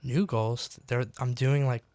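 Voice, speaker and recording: This is a male radio host chatting with a guest in the studio, with a smooth, clear voice. He keeps his pitch quite flat and even, and talks in a relaxed, affirming way, with plenty of fillers and restarts. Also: measured pace, no room sound. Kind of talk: casual conversational interview.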